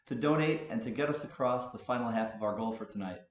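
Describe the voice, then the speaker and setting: A man's voice: mid-range voice, fast, roomy sound, highs cut off. A man hosting a foundation's livestream, thanking a speaker and making an earnest, scripted fundraising appeal. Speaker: host for the foundation.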